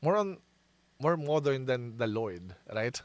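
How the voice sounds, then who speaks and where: Filipino-accented male commentator, animated and expressive, dry close sound. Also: medium pitch, a little slow, no echo. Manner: animated, laughs often, reads verses aloud. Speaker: online commentator. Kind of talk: casual commentary mixing Tagalog and English.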